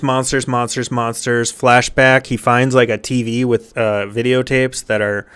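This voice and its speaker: A man giving a dry, sarcastic recap of a movie's plot, sometimes dropping into quick mock voices for the characters. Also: medium pitch, flat delivery, a bit bright, clear, resonant tone. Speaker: movie reviewer.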